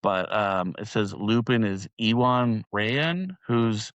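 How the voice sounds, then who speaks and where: Portuguese-native male co-host, gravelly low voice, wry, relaxed podcast banter. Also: takes it slowly, dry recording, lo-fi sound. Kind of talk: casual chat.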